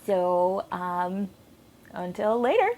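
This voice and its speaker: A woman's voice: on the low side, animated, takes it slowly, a little mellow. A young woman casually talking to camera in a vlog, chatty and self-deprecating, with plenty of ums. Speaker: book vlogger.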